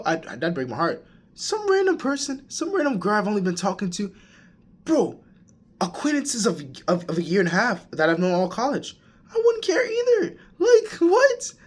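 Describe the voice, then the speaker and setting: Rambling young man, slightly high voice. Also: slightly rough. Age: young adult. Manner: rambling, frequent restarts and "bro". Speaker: college student. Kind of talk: casual vlog rant.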